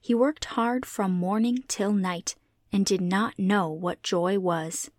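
Female narrator for a classic children's book, steady and clear, dry close recording. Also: medium pitch, dry recording. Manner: measured, clear read-aloud delivery. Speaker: audiobook reader. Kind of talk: scripted storybook narration.

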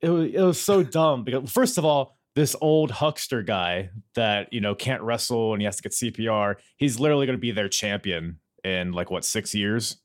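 A man's voice: moderate pace, few pauses. A man hosting a podcast, chatting casually and joking in a rambling way. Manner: joking, rambling, lively pitch. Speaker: podcast host.

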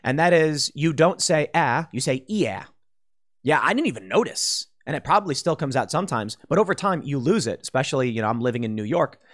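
A man talks through a political commentary monologue. His pitch sits in the middle of the male range. He rambles and restarts often, with plenty of fillers. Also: animated, fast talker, few pauses, a bit bright. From Chicago. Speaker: commentary host.

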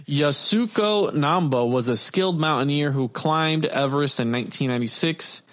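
A man's voice: on the high side, normal speed, fairly bright tone. A young man hosting a casual podcast, reading stories aloud, swearing freely and stumbling over words. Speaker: podcast host.

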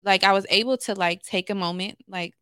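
Speaking fairly quickly in a mid-range voice, this Los Angeles therapist sounds bright, forceful, clear and resonant, with fairly even intonation. As a podcast guest she tells candid, filler-heavy stories, and there's no room sound.

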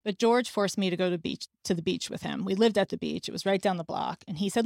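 A woman's voice: lowish voice, quick pace, gravelly, few pauses, a little mellow, no echo, clean studio sound. A woman, hosting a podcast and telling a personal story in a candid, conversational way. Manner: candid, conversational, laughs now and then. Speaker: podcast host.

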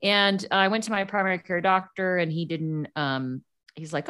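A woman's voice: low-pitched, normal speed. A woman guest in a casual chat, animatedly telling a personal story with lots of fillers and acted-out quotes. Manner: animated, acts out quoted voices, frequent fillers.

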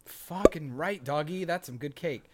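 A young man co-hosting a casual podcast, joking loudly with plenty of swearing. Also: a little high, unhurried, noisy background. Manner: loud, profane, jokey banter. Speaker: podcast co-host.

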